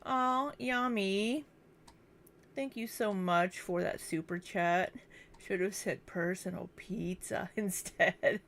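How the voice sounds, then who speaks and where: Young woman, livestream host, casual chat, gravelly voice, middle pitch, greets viewers by name. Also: slow pace, fairly bright tone, slight background noise. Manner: chatty, distracted, reads viewer names aloud. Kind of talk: casual livestream chat reading super chats. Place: home, kitchen.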